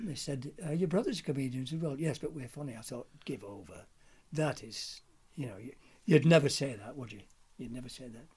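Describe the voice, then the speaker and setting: Older man, husky voice, lively pitch, chatty anecdotes. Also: brisk. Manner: chatty storyteller, acts out old routines in character voices. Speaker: pantomime comedian, interview guest. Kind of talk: anecdotal interview chat.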